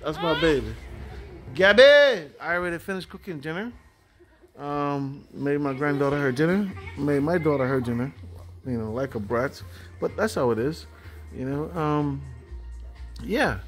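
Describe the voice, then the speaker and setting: A man's voice: fairly high pitch, moderate pace, faint music behind. An older man in a casual home vlog, talking in a rambling way with lots of "you know" fillers. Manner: rambling, with frequent fillers and tags. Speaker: vlogger.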